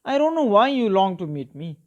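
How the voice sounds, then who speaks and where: A man's voice: high-pitched, brisk, dull audio. A male teacher voicing a ghost who is taken aback but tries to act cool, while reading a story to a class. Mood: puzzled. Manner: taken aback, faking calm.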